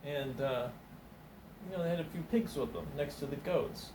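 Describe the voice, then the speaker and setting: A man's voice: a little high, normal speed, reverberant, far from the mic, background noise. A man doing stand-up comedy and telling a meandering story, full of fillers and restarts, putting on small voices for the people in it. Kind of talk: rambling comic storytelling.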